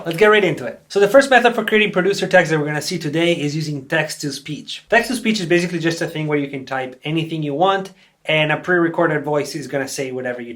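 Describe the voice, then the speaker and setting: Young male tutorial host, brisk and chatty, a touch high-pitched. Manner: upbeat, chatty, many fillers like "like" and "kinda". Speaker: music producer and tutorial host. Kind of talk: casual how-to tutorial.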